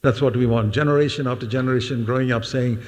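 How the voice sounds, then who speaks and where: A man's voice: mid-range voice, fairly even intonation, fast talker. An older man preaching a sermon in a church hall. He speaks earnestly and emphatically, repeats key words, and sometimes speaks directly to the children in the congregation. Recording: long hall reverb.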